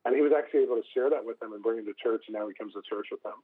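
Fast-talking young man on a phone-like line. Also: lowish voice, breathy edge. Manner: animated, acts out the voices of people in his stories. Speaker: guest, pastor. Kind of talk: storytelling in an interview.

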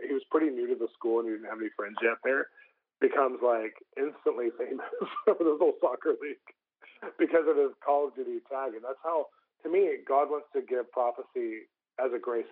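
Fast-talking young man on a phone-like line. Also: medium pitch. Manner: animated, acts out the voices of people in his stories. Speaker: guest, pastor. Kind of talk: storytelling in an interview.

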